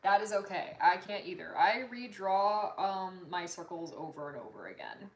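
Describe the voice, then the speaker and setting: A woman's voice: fairly low pitch, lively intonation, moderate pace. Chatty woman streaming from far off. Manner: chatty, apologetic, reads chat aloud. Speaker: artist streamer. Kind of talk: casual livestream chat. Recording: roomy, distant mic, faint noise.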